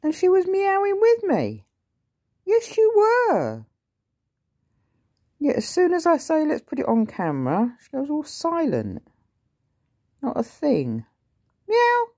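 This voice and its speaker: A woman with a very high, sing-song voice that swoops widely between meows and coaxing baby talk. She talks slowly to her cat, and the close, dry recording catches every little note. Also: huge pitch swings, darkish tone, dry recording. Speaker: pet owner vlogger. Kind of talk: casual talk to a pet.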